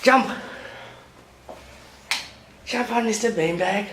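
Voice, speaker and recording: A man's voice: high-pitched, slow. A father filming his toddler at home and coaxing him along in a sing-song baby-talk voice. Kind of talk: home video chat with a toddler. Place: family home, indoors. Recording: echoey room with loud vacuum hum.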